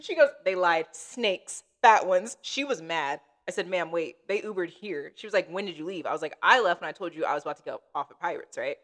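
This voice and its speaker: A woman's voice: lowish voice, lively intonation, a little fast, few pauses, fairly bright tone. A woman co-hosting a podcast, chatting casually and acting out quoted lines as she tells a story. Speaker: podcast co-host.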